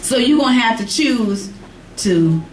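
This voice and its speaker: A woman preaching, her voice climbing to high emphatic calls and dropping to low conversational asides. She is heard from a distance in an echoey church with a faint hiss underneath. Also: lively intonation, unhurried. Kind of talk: sermon to a congregation. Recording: echoey room from far off, faint noise.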